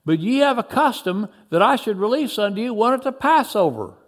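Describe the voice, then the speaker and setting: A man reads the part of a stern Roman governor in a storytelling, drawing out each archaic question slowly. The voice sits high and moves widely, rising sharply when he protests. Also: huge pitch swings, exaggerated voice. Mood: stern, pleading. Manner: slow, solemn archaic speech.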